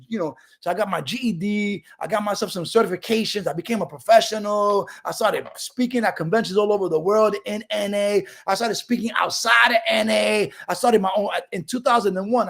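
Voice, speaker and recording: A middle-aged man from Brooklyn gives an animated, streetwise recovery testimony over a video call. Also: high voice, gravelly. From Brooklyn, New York. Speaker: recovery speaker.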